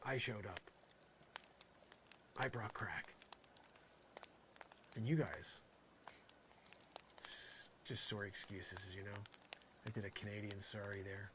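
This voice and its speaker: A man delivering an improvised comic monologue in a rambling, mock-earnest way, full of "you know" fillers, swinging between loud outbursts and muttered asides. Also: fairly low pitch, slow, pauses often, background noise. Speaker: comedy vlogger.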